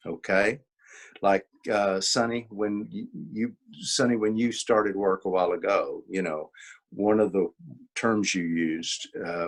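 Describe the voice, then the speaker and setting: A man presenting a workshop as an author, talking informally, repeating key points with emphasis and acting out quoted exchanges. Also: fairly low pitch. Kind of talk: informal teaching talk.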